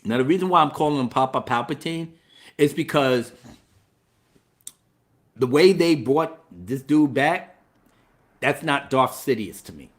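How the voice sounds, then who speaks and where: A man giving a casual, profane spoiler movie review, talking in an animated way and laughing often. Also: mid-range voice, unhurried, long pauses.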